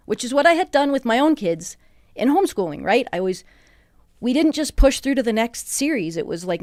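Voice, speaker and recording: A middle-aged woman, a podcast guest recounting a hard time in a halting, emotional way with many restarts. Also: a little high, big pitch swings, a little mellow, dry recording, clean studio sound. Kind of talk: personal interview. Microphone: studio microphone.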